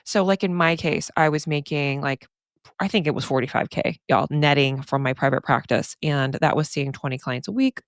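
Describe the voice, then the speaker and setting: Low-voiced woman in chatty podcast talk. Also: normal speed, no echo, studio quality. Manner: chatty and emphatic, often says "y'all"; frequent laughs and asides. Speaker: therapist and podcast host. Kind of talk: casual podcast monologue.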